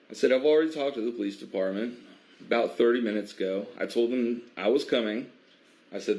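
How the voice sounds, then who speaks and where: A man from a biker advocacy group recounting an incident in a measured way, with many pauses and fillers. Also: lowish voice, darkish tone. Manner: measured, filler-heavy, stops to restart. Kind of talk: recounting an incident, casual monologue.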